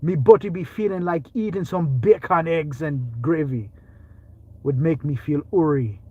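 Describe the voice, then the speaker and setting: A man's voice: on the high side, measured pace, darkish tone, slightly rough, highs cut off. A man putting on a Jamaican accent to voice a hungry man craving breakfast, drawn out and playful. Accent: put-on Jamaican.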